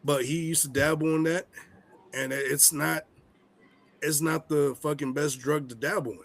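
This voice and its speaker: A young man co-hosting a comedy podcast, ranting in a heated, profane and animated way. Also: on the high side, moderate pace, creaky. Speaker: podcast co-host. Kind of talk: casual comedic rant.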